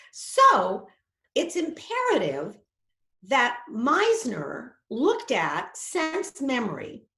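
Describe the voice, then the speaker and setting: Woman, acting teacher, lecture, lively pitch, echoey room. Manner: animated, acts out quoted inner voices.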